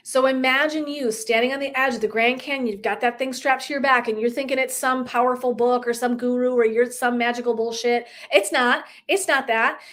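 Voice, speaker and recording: A woman life coach speaks on a live motivational broadcast in a fairly high voice. She is emphatic and swears freely, laughing often as she acts out conversations with her listeners. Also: fairly even intonation, a little fast, hardly any pauses, fairly bright tone.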